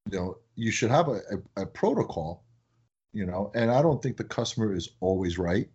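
A man who owns a business, chatting in a casual podcast and telling animated stories that act out his phone calls. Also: lowish voice, brisk, husky, highs cut off. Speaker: business owner, guest.

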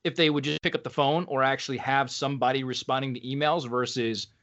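An easygoing man hosting a podcast, his mid-pitched voice relaxed and conversational. He talks in loose, casual turns. The recording sounds a little dull. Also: fast talker.

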